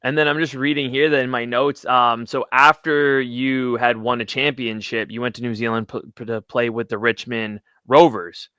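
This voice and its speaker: A man's voice: mid-range voice, fairly even intonation, normal speed, few pauses, pushed and bright, clean tone. A man hosting a casual interview who reacts to his guest with enthusiasm. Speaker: podcast host.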